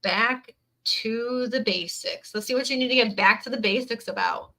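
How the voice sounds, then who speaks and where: A woman reads tarot cards for her viewers in a bright, clear voice. She speaks earnestly and emotionally, close to tears, and keeps repeating her words of encouragement. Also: fairly high pitch, normal speed, low-quality recording. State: teary, near crying. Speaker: tarot reader. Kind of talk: live tarot reading to viewers.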